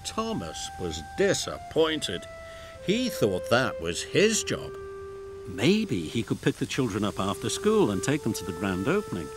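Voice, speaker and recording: Man, storybook narrator, gentle, expressive, slow, music behind. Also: fairly low pitch.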